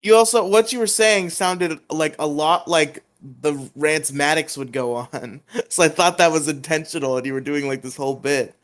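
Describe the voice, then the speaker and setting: A man's voice: a little high, moderate pace, fairly bright tone. A man co-hosting a podcast in casual chat, laid-back and rambling, often chuckling. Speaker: podcast co-host.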